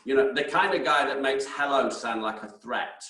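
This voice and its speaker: A man's voice: mid-range voice, normal speed, bright, forceful tone. Chatty man in a roomy, distant recording. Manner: chatty, frequent tag "yeah?". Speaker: podcast host. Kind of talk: interview conversation.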